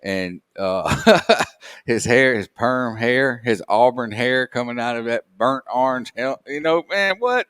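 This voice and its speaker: A man's voice: medium pitch, normal speed, a bit bright, smooth, dry recording, studio quality. A man co-hosting a casual sports chat, ranting and salty. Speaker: co-host.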